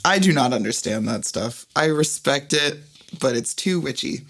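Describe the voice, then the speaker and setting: A young man co-hosts a podcast, teasing his friend with quick, animated banter. His voice moves expressively through a wide pitch range. It is loose, friendly conversation. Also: gravelly. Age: 20s. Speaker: podcast co-host, voice actor. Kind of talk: casual chat.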